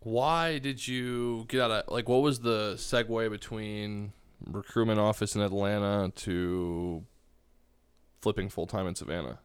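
Smooth-voiced male interviewer. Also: fairly low pitch, fairly even intonation, a little slow. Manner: short curious questions and reactions. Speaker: host. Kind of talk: casual interview.

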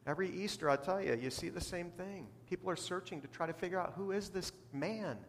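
A man's voice: high-pitched, a little fast, a little hiss or hum. A man preaching a sermon as a pastor, with rising bursts of emphasis. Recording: long hall reverb.

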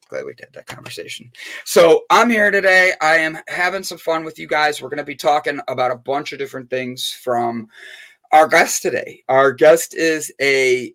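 A man's voice: a little high, bright, forceful tone. A man hosting a live stream, chatting casually and playfully with viewers and reacting to their comments. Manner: upbeat, playful, jokey with chat. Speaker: livestream host.

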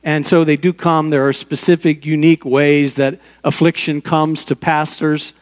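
A man's voice: a little high, flat delivery, normal speed, big-room sound. An older man preaching a sermon as pastor, in a conversational way with personal stories and small asides.

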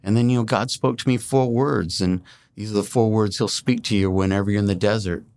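A man's voice: on the low side, steady tone, a little fast, a little mellow. A man telling his personal faith story as a guest in a studio interview, earnest and emphatic. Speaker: guest, non-profit founder. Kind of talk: personal testimony in conversation.

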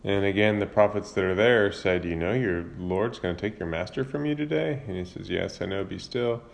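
A man's voice: sits low, a little fast, vocal fry. A man casually retelling a Bible book in his own words, with fillers and self-corrections. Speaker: Bible reader retelling scripture. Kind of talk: casual Bible summary and commentary.

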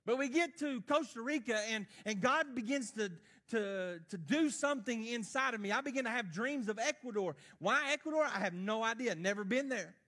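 A man, preaching a sermon as a missionary and telling his story earnestly, swinging between loud and hushed. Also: extremely high pitch, lively intonation, moderate pace, hardly any pauses.

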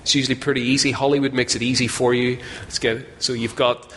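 A man's voice: medium pitch, level tone, fast talker, fairly bright tone. A man preaching a sermon in a conversational, self-deprecating way, often putting questions to his listeners. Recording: long hall reverb, faint ambience.

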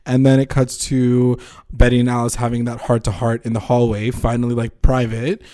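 A man's voice: medium pitch, flat delivery, fairly quick, mellow. A man co-hosting a TV recap show, chatting casually and retelling scenes in playful mock voices.

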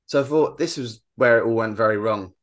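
A man hosting an interview, telling an embarrassing story in a lively, self-deprecating way. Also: mid-range voice, fairly quick. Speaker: podcast host. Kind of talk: casual interview chat.

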